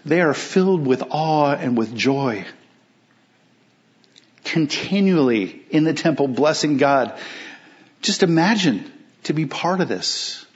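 Pastor preaching an emphatic sermon. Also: male voice, on the high side, lively intonation, highs cut off. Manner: emphatic, with rhetorical questions and slowed key phrases.

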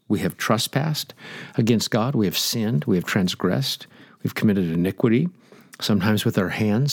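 A man with a fairly low voice preaches a sermon with emphasis. He puts direct questions to his listeners. The sound is dry and close, with no room around it. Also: no room sound.

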